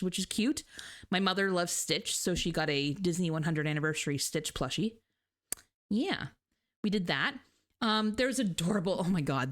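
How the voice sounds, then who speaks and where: Lively, low-voiced woman streamer. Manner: chatty and animated, with frequent laughs. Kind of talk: casual chat.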